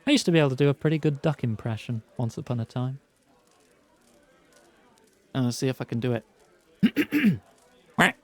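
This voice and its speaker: A man streaming a game, chatting and laughing with viewers and reading ability text aloud. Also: medium pitch. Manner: bursts of excited greetings to chat. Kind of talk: casual game commentary.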